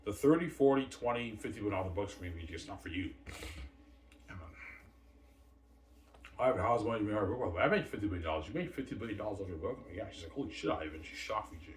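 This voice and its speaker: A man's voice: lowish voice, expressive, fast, long pauses, slight background noise. A man talking in a boastful, rambling monologue, peppered with "man" and "yeah". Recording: roomy distant mic with faint ambience.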